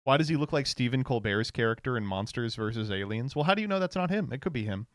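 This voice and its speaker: A man's voice: mid-range voice, expressive, fast, dry recording, studio quality. A man hosting a stream, commenting on clips in a sarcastic, rambling casual chat. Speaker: streamer host.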